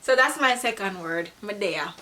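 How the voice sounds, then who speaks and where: A woman's voice: medium pitch, expressive, normal speed, bright, forceful tone. A young woman from Jamaica with a Jamaican accent, talking to camera in a laid-back, chatty way and laughing at herself now and then. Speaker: vlogger. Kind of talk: casual explainer to camera.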